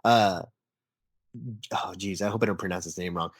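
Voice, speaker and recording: A young man telling stories in a casual interview, animated and full of fillers, acting out what people said. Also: deep voice, moderate pace, dry recording, studio quality. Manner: animated storyteller, acts out quotes, many fillers like "like" and "um". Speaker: podcast guest, toy photographer.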